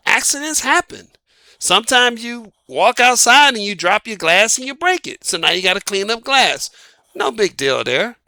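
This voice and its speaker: Sharp-toned and recorded with no echo, this Southern-accented dating advice host lays out his strong opinions. He emphatically poses rhetorical questions, answers his own queries, and drives each point home with a "boom."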